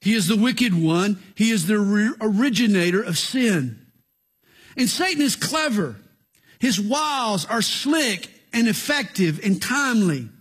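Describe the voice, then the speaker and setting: Husky high-voiced male pastor preaching. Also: very animated. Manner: earnest, slow emphatic phrasing with storytelling asides. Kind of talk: sermon.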